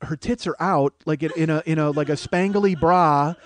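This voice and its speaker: A man's voice: a little high, moderate pace. A man hosting a podcast, telling a rambling, profane comic story that gets more and more worked up. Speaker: podcast host. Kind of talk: comedic storytelling monologue.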